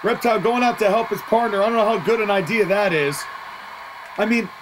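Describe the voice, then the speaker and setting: Excitable play-by-play wrestling voice, partisan, laughs easily, mid-pitched, noisy recording. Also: a little fast. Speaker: wrestling commentator.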